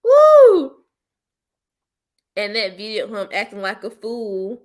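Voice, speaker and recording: A woman hosting her own channel, chatting casually with viewers in a blunt, slangy, teasing way and breaking into loud playful laughter. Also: medium pitch, flat delivery, moderate pace. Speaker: host of a commentary channel. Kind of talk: casual chat reacting to viewers.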